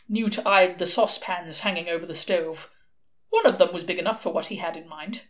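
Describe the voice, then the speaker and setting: A woman's voice: fairly low pitch, fairly quick. A woman reading a novel aloud, telling the story expressively. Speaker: audiobook reader.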